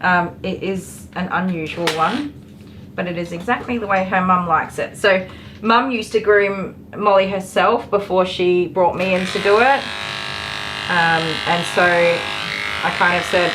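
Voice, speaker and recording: Aussie groomer lady chatting on a stream, lowish voice, um-ing a lot, little bit of salon noise. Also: normal speed. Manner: chatty, laughs often, many ums. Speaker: dog groomer and live stream host. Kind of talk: casual chat while working.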